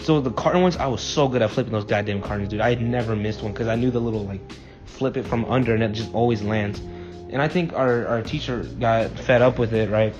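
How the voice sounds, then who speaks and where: A man's voice: mid-range voice, a little fast. A young man telling profane, rambling anecdotes in a casual chat with a friend. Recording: dull lo-fi mic, faint music.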